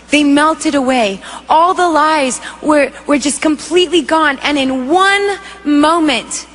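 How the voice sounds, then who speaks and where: A woman giving an emotional spoken testimony, telling her story in a vivid, animated way. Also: high-pitched. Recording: echoey hall reverb.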